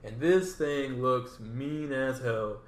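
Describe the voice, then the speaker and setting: A man's voice: medium pitch, slow pace, reverberant. A man co-hosting a podcast, recapping a comic chapter in a loose, casual way with many ums and likes. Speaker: podcast co-host.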